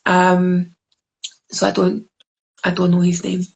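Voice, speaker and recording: Woman, Scottish accent, gravelly voice, rambling interview storytelling, video call. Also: on the low side, completely flat delivery, slow, darkish tone, muffled recording. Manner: rambling, many fillers and restarts. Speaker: guest, deck creator.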